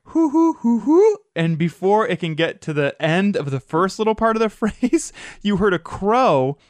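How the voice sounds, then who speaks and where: A podcast host tells stories in a loose, chatty way and mimics the sounds in them. The voice sits at a middle pitch. It comes across dry and close to the mic. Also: normal speed, no room sound. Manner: chatty, animated storyteller who imitates sounds. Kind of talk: casual storytelling chat.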